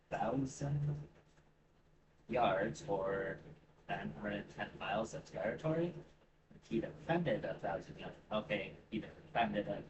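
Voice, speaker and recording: A man reading a history article aloud, tripping over words, rereading them, and breaking off into casual, profane asides. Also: fairly low pitch. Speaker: channel host. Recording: distant mic with clear background noise.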